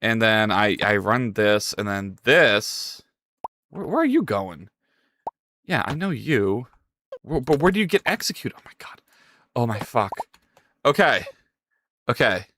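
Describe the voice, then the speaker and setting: A man's voice: lowish voice, big pitch swings, measured pace, long pauses, sharp tone, no echo. A man streaming his game development live, talking to chat in a frantic, exclaiming way with a lot of swearing.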